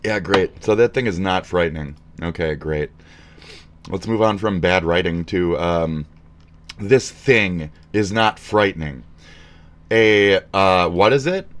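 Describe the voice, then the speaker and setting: A man's voice: deep voice, unhurried. A man streaming commentary, ranting crudely and mockingly with lots of swearing. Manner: crude, profane, mocking, animated. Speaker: streamer reacting to posts.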